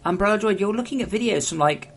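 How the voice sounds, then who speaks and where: A man's voice: sits high, animated, fast talker, gravelly, a little hiss or hum. Rambling man chatting on stream. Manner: rambling, frank, talks straight to chat. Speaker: solo game developer. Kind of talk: casual live-stream chat with viewers.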